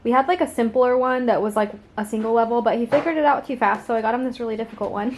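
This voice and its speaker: A woman's voice: fairly high pitch, fast, hardly any pauses, slight background noise. A young adult woman chatting casually in a vlog, rambling with lots of fillers. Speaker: vlogger.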